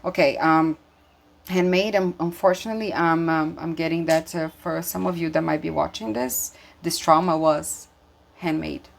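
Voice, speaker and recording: Her voice deep and creaky, a woman giving an intuitive tarot reading talks at a moderate pace. She is emotional and audibly moved, speaking with earnest emphasis and plenty of fillers and restarts.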